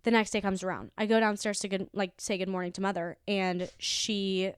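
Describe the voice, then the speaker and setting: In a room at home, with a clean tone and no echo, a young woman co-hosting a podcast tells a frank story during casual chat. Her mid-range voice moves little in pitch and runs a bit fast, and she swears freely while acting out the quotes.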